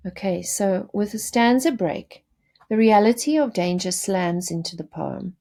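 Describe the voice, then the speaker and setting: A woman's voice: mid-range voice, unhurried, darkish tone. A woman teacher giving a patient poetry lesson, explaining terms with small restarts.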